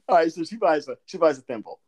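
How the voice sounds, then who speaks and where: A man's voice: a little high, slightly rough. A man from Southern Georgia with a faint Southern accent, co-hosting a podcast and telling stories in a rambling way with frequent laughter. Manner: rambling, laughs often, lively storytelling. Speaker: podcast co-host. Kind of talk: casual chat.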